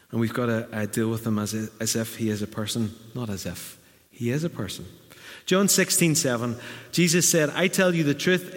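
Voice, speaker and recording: Middle-aged male preacher, conversational sermon, long church reverb, mid-pitched voice. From Northern Ireland. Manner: conversational, acts out quotes in raised voice. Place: church hall.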